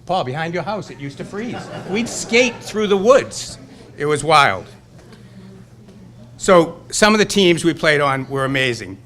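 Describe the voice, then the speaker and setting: A man's voice: fairly high pitch, very animated, a little slow, fairly bright tone, slight background noise. A man in his sixties with a Boston accent, giving a rambling, nostalgic acceptance speech at a hall of fame banquet. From Burlington, Massachusetts. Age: 60s. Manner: rambling, nostalgic, fired-up storytelling.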